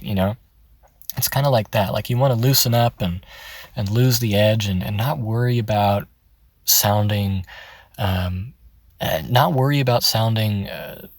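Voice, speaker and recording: A man giving a relaxed, chatty voice-acting tutorial, laughing often. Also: fairly low pitch, no room sound. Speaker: voice acting teacher. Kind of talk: casual tutorial. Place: in his car.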